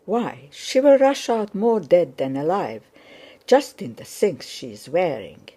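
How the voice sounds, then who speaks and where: A woman reading the part of a brisk, scheming young male officer who barks orders in a low, slow voice. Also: very animated. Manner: brisk, commanding, shouts orders.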